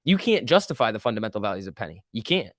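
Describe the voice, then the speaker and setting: A man hosting a live stock market stream, talking casually and reacting to viewers in chat with slangy, animated commentary. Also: on the low side, very fast, no room sound, clean studio sound. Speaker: stock market livestream host.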